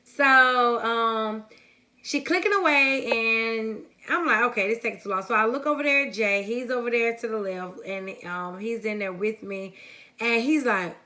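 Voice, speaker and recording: A young woman from the United States telling a story-time vlog in a lively, chatty way, talking straight to her viewers. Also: fairly high pitch, moderate pace. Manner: casual and chatty, calls viewers honey and baby. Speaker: vlogger.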